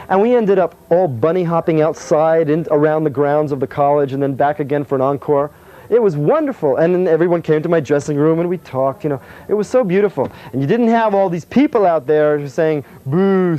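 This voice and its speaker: A man, a comedian, answering interview questions in a soft-spoken, meandering way, with many fillers. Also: a little high, lo-fi sound.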